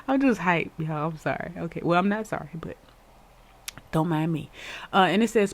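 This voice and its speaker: Excitable chatty tarot reader. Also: mid-range voice, normal speed. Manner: excitable and chatty, often repeating words and laughing; addresses viewers directly and warmly encourages them. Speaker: tarot reader and channel host. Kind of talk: casual tarot reading to viewers.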